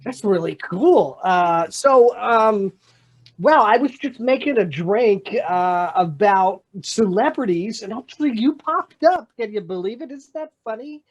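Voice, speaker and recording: A woman's voice: medium pitch, animated, measured pace. A woman playing a flustered nightclub owner who rambles, stammers and dodges questions. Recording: dull lo-fi mic.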